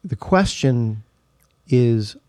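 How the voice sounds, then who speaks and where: A man in a casual conversation who explains ideas in a careful, measured way. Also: mid-range voice, expressive, darkish tone, no room sound, clean studio sound. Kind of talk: casual chat.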